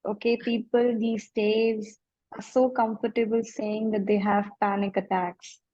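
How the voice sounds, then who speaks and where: A woman wellness coach answering interview questions in a slow, soothing, deep voice. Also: flat delivery, mellow, no echo, dull audio. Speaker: emotional wellness coach, guest.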